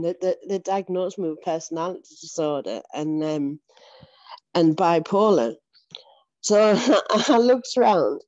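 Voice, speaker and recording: Earnest woman, warm dull recording. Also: lowish voice, no room sound. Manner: earnest and emotional, often laughing and repeating herself. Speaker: church member giving testimony. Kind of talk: personal faith testimony.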